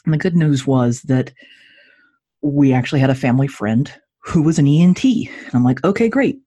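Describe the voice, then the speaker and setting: Husky woman telling a lively story. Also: normal speed. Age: 40s. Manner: jokey, acts out dialogue with lively pitch jumps. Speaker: podcast guest. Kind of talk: animated personal storytelling.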